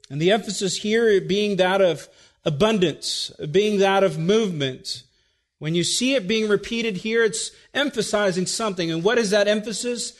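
Male pastor, high-pitched, expository preaching, teacherly, checks in with listeners. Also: moderate pace. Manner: teacherly, repeats okay to check listeners, dry asides. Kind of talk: expository sermon.

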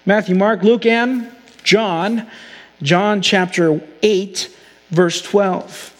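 A man preaching a sermon as pastor, earnest and slowing down to stress key phrases. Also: sits high, fairly even intonation, long reverb tail. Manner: earnest preaching, slows for emphasis.

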